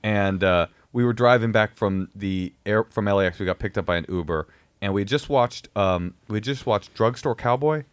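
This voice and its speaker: A man's voice: on the low side, normal speed, smooth, no echo. Guy in his 30s riffing through a story, voices everyone in it, dry close sound. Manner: animated, acts out quotes in other voices. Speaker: comedian. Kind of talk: casual storytelling on a podcast.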